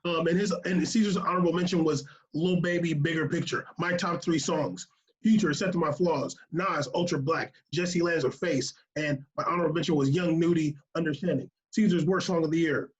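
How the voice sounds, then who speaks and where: A man co-hosting a music podcast in casual chat, laughing often and running down lists quickly. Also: fairly high pitch, fairly even intonation. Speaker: podcast co-host.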